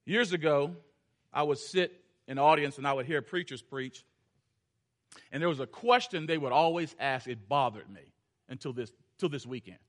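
A man preaching a sermon, telling a story and shifting between loud urgency and hushed, intense passages. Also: fairly high pitch, normal speed. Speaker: pastor.

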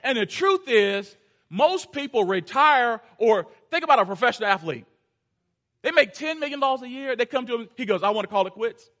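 A man preaching a sermon, telling a story and shifting between loud urgency and hushed, intense passages. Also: very high voice, lively intonation, brisk. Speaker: pastor.

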